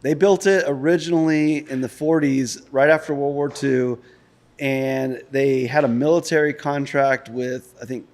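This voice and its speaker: A man's voice: medium pitch, measured pace. A man chats easily as a podcast guest. His voice sits in a middle register and his sentences wander along with lots of fillers. He is recording inside an old industrial building. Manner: relaxed, rambling with many fillers. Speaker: guest, pipe business founder. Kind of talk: casual podcast chat.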